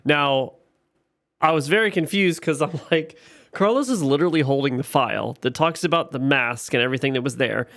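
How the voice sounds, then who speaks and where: A man co-hosting a podcast, recapping a TV episode scene by scene in casual chat, getting animated when he is frustrated. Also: fairly high pitch, brisk, dry recording, studio quality. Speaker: podcast co-host.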